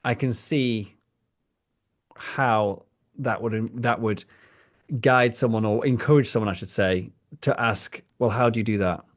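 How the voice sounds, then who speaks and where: A man hosting a podcast interview, responding in a casual, halting way as he thinks aloud. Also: fairly low pitch. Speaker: podcast host.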